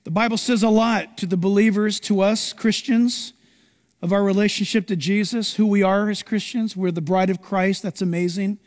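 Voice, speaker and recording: A man's voice: high voice, moderate pace, long reverb tail. A male pastor preaching a sermon, telling stories dramatically and acting out the quotes. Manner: animated, dramatic storytelling with acted-out quotes.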